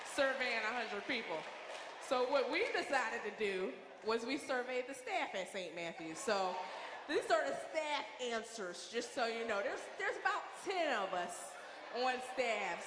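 A woman's voice: a little high, expressive, unhurried. A woman hosting a game show at a church event, chatty and playful, with apologetic asides to the contestants. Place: large church hall with a congregation. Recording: echoey hall with long reverb and crowd noise.

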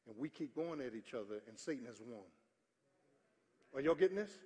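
A male pastor preaching a sermon with call-and-response, building up to shouting. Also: mid-range voice, lively intonation, brisk. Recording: church hall reverb with faint congregation.

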